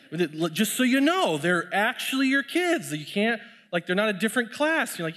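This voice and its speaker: Male preacher, casual and chatty testimony, slightly higher voice, long church reverb. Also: sing-song, normal speed, a bit bright. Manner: conversational storytelling, laughs often. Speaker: pastor sharing testimony. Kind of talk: sermon with personal story.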